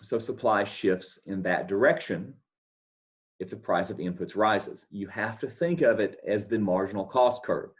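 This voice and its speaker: In this recorded economics lecture, a man with a lowish voice talks a little slowly over his scribbled notes instead of writing on a board. He takes the material step by step, restating key ideas and following them with checking questions.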